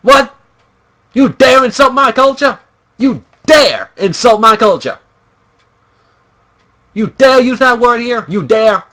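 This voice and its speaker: Man doing a shrill, indignant, outraged man. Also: animated, slow, pauses often, exaggerated voice. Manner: high-pitched, affronted shouting.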